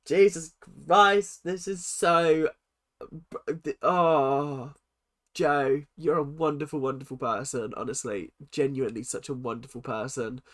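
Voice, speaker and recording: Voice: mid-range voice, steady tone, unhurried, fairly bright tone. A host giving casual reaction commentary, emotional, swearing and exclaiming often.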